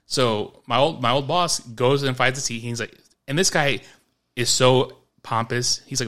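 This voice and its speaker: A man's voice: medium pitch, moderate pace. A man from New York, co-hosting a podcast, telling a story in a casual chat, acting out quotes and laughing as he goes. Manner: animated, acts out quotes, laughs mid-story. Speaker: podcast co-host.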